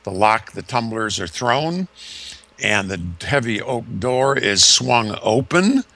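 A man's voice: medium pitch, expressive, takes it slowly, bright, forceful tone. A man preaching a sermon, retelling a story vividly with dramatic shifts in emphasis.

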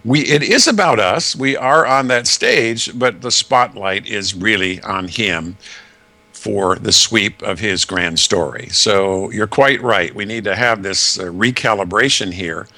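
A man explains Scripture in an earnest, measured way, stacking lists and rhetorical questions. His voice is bright and forward. The sound is dry and close, with no room around it. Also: lowish voice, no room sound. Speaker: Bible teacher guest. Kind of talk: conversational Bible teaching.

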